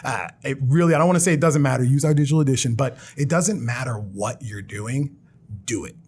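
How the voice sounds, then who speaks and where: A man speaking as a guest on a casual podcast interview, energetic and self-deprecating, talking in quick bursts at a studio mic. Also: medium pitch, slight background noise. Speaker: podcast guest, marketing advisor. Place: studio around a table.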